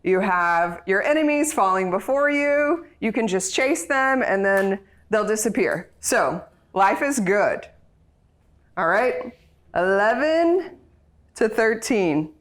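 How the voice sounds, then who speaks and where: A woman's voice: medium pitch, expressive, slow pace. A woman leading a group Bible study, chatty and playful, laughing often as she explains the reading.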